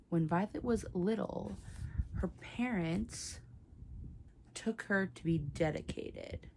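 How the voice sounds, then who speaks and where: Low gravelly young woman, tearful reading reactions. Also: background noise. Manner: emotional, exclaiming and muttering to herself, recapping the plot. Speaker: book vlogger. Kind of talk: casual reading vlog reactions.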